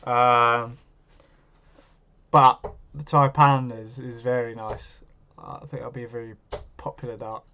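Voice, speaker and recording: A chatty man hosts a live stream, talking casually and answering his viewers' comments as he goes. His voice sits at an ordinary middle pitch. The stream audio is a little dull and lo-fi. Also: flat delivery, measured pace, bright, forceful tone, a little hiss or hum.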